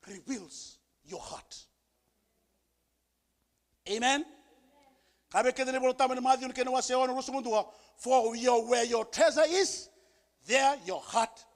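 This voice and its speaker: A male pastor preaching a sermon with emphasis, repeating key phrases and building to shouted peaks. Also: very high-pitched. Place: church service.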